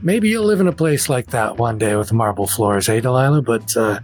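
A man runs a tabletop game, setting scenes in a relaxed, rambling way with plenty of fillers. His voice sits mid-range for a man. Soft music plays beneath him. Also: mid-range voice, moderate pace. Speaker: game master.

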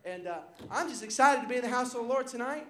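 A man preaching and giving thanks before a congregation, fervent and shouting his praise. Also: very high voice, expressive, fast talker, slight background noise. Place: church sanctuary. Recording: roomy church with crowd.

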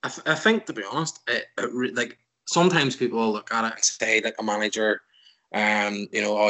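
Bright-voiced man giving opinions. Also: mid-range voice, rough recording. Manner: opinionated, talks in long run-on answers. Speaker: podcast guest, football fan. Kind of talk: casual chat.

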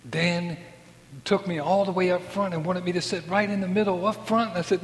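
Speaking at a moderate pace with a high-pitched, fairly even intonation, a man in his sixties shares a heartfelt faith testimony. He acts out the voices of the people he describes, and a long hall reverb hangs over the recording.

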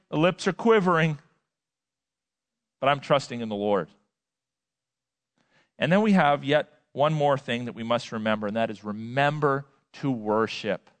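A male pastor preaching a sermon, emphatic, swinging between loud and quiet and repeating words for effect. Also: on the high side. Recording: long hall reverb.

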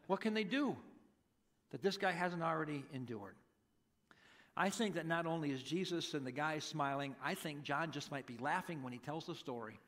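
A pastor preaches conversationally in a bright, forceful, somewhat high voice at a moderate pace. He animatedly acts out the people in his story.

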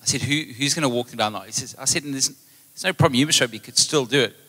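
A man's voice: medium pitch, very fast. A man preaching a live sermon as pastor, telling a story and acting out both sides of a conversation. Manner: storytelling, animated retelling of conversations. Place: church hall. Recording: long hall reverb.

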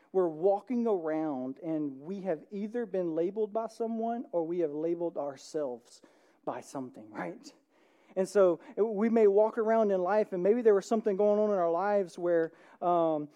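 Mellow-voiced pastor preaching casually. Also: medium pitch, muffled recording. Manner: informal, keeps asking "right?". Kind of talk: conversational sermon. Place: church service.

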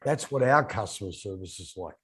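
A man's voice: fairly low pitch, fairly quick, breathy edge. A man co-hosting a casual business chat, telling stories with animation. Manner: animated storyteller. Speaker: podcast co-host.

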